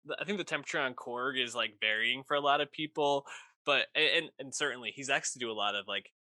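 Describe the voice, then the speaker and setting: Excited dude on a movie podcast, super bright voice, dry close mic, swears casually. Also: male voice, medium pitch, fast talker, no room sound. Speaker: podcast co-host. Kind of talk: casual film review chat.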